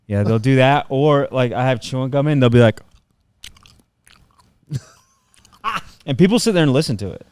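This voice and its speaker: Smooth-voiced laid-back podcast co-host man. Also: mid-range voice, animated, moderate pace, long pauses, darkish tone, no echo. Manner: easygoing, laughs often. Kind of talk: casual chat. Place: gym mats in a martial arts academy.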